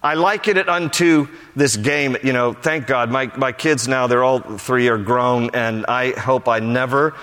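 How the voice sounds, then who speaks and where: A man's voice: medium pitch, unhurried, hardly any pauses, a bit bright. An older man preaches to his congregation. He tells stories with animation and pushes his points home with emphatic exhortation. A long reverb trails every line, as if heard across a church sanctuary. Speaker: pastor. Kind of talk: sermon.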